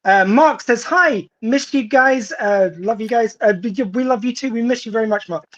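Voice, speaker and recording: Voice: mid-range voice, normal speed, fairly bright tone, highs cut off. A host with a southern English accent in casual chat, reading out viewer messages with a wry, teasing manner. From southern England. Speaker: podcast host.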